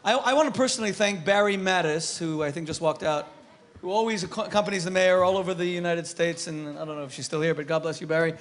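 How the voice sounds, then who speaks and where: A man speaking at a live panel event, thanking the organizers with fervent, quick words. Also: high-pitched.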